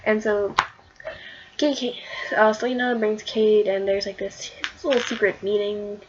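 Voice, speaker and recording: A woman's voice: medium pitch, little pitch movement, measured pace, lo-fi sound, a little hiss or hum. Chatty woman reviewing comics. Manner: chatty, filler-heavy, giggly. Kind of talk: casual comic review vlog.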